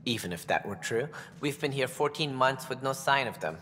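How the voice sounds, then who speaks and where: A man's voice: medium pitch, animated, normal speed, pushed and bright, slight background noise. An actor voicing a stern, haughty alien male colony director who speaks formally and looks down on common people. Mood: stiff, formal. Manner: formal, condescending about commoners. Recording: game audio with long reverb and music.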